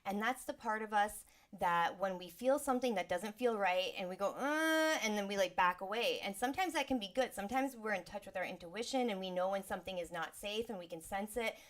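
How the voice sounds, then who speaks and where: A woman's voice: mid-range voice, a little fast, hardly any pauses. A woman sound healer teaches in an easy, chatty way, her voice in the middle of the usual range. She breaks into little acted-out exclamations and sighs to show how the mind reacts. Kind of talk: casual teaching talk.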